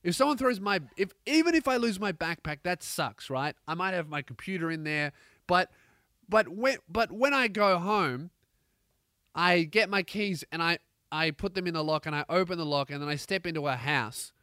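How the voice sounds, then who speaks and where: A man with an Australian accent, a comedian hosting a podcast, telling a profane, rambling story with animated energy. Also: high voice, moderate pace, no room sound, studio quality. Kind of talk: comedic rant.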